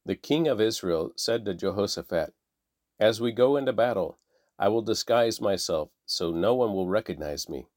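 Low-voiced man reading scripture. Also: expressive, normal speed, a little mellow, no room sound, clean studio sound. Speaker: Bible reader.

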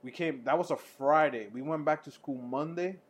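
A man telling a story in casual podcast talk, profane and animated, laughing often. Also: a little high, normal speed. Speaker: podcast co-host.

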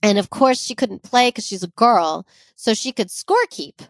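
A woman's voice: medium pitch, lively intonation, moderate pace, creaky, dry recording. Chatty woman co-host, dry close sound. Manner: chatty, giggly, reads quotes aloud. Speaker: podcast co-host. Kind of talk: casual storytelling chat.

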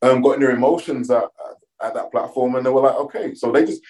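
A middle-aged man, a guest on a podcast, telling his story in a measured, reflective way with frequent pauses. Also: medium pitch, a little mellow, low-quality recording. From London, England. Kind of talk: casual interview conversation.

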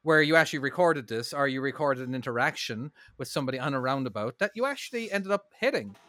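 An American man hosting a casual chat, asking clarifying questions and apologizing for being slow. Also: mid-range voice, lively intonation, bright, forceful tone, no room sound. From United States.

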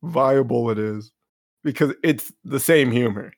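A man with a gravelly edge to his mid-pitched voice, co-hosting a podcast in loose, joking banter. He rambles and laughs through his stories. The sound is close and dry. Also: a little slow, no room sound. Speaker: podcast co-host. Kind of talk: casual chat.

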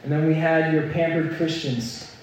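A young man preaches a sermon, telling a story and building toward earnest, emphatic points. His voice is fairly high with fairly even intonation at normal speed, captured by a distant mic in an echoey hall with a little hiss or hum.

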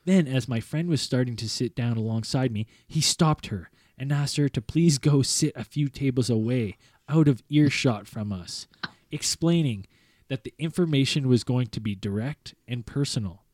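A man reads a first-person story aloud, measured and earnest. His voice sits at an ordinary middle pitch and comes across dry and close, with no room sound. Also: darkish tone, no room sound.

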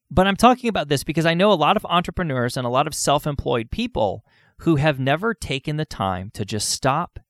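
An earnest man in a solo podcast monologue, speaking at a middling pitch. He poses rhetorical questions to his listeners. He is close to the mic, and the sound is dry. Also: dry recording.

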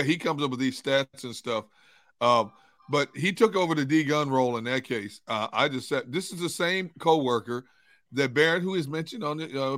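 A male sports talk co-host in an easygoing, casual manner, pausing with ums and uhs. The sound is dry and close. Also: mid-range voice, no echo. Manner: relaxed, hesitant fillers.

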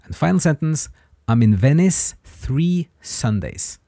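Guy teaching a language podcast, patient and encouraging, dry close mic, really lively up-and-down voice. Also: on the high side, no echo. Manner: patient, encouraging, pauses for listener practice.

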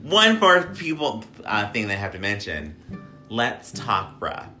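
A man's voice: on the low side, wildly swooping pitch, unhurried, sharp tone, faint music behind. A man hosting a casual podcast, joking and rambling with filler words and asides. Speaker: podcast host.

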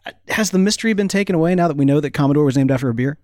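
A man with a slightly high voice, co-hosting a relaxed podcast. He jokes, laughs a lot, and trips over his words. The sound is dry and close to the mic. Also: rapid-fire, dry recording. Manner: joking, laughs often, stumbles over words. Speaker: podcast co-host. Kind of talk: casual chat.

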